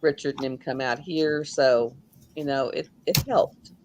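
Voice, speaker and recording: A woman's voice: extremely low pitch, unhurried, noisy background. A woman hosting a livestream, telling rambling, folksy stories in casual chat. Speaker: livestream host.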